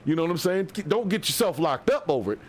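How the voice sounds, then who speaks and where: A man's voice: on the high side, big pitch swings, fast talker. A man hosting a live stream, giving wry, chatty commentary as he reacts to a video clip.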